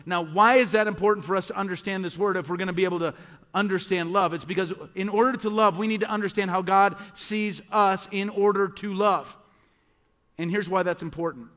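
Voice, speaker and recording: A man's voice: high voice, brisk, a bit bright. Preaching man in a reverberant church. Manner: earnest, repetitive preaching with rhetorical questions. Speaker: pastor. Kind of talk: sermon. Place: church sanctuary.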